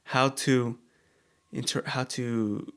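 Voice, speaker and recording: A man co-hosting a casual chat show, talking in a halting way with many fillers and restarts. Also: mid-range voice, fairly even intonation, a bit bright, clear, resonant tone. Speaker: co-host.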